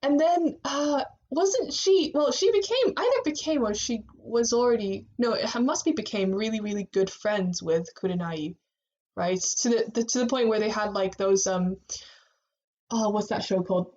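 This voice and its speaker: A woman co-hosting a casual fan podcast, talking in an animated way with frequent laughs and fillers. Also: fairly high pitch, moderate pace. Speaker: podcast co-host. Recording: muffled lo-fi sound.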